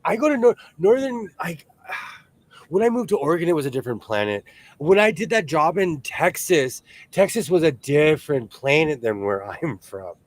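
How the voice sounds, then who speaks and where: A man's voice: a little high, very animated, normal speed, dry recording. A man hosting a casual chat, reading comments aloud and laughing often. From California. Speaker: host.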